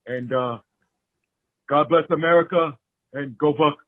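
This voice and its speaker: A man doing a prank voicemail impression of a rambling older male politician, halting and full of "uh" fillers. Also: a little high, no room sound, lightly acted. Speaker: caller. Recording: tinny phone voicemail.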